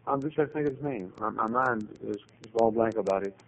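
Male pastor, folksy rambling sermon storyteller with loud climaxes. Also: fairly low pitch, brisk, slight background noise, poor audio.

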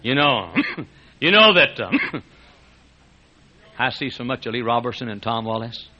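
An older man preaching a sermon, telling folksy stories, chuckling often and rising to loud exclamations. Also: medium pitch, animated, measured pace. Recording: dull lo-fi sermon recording.

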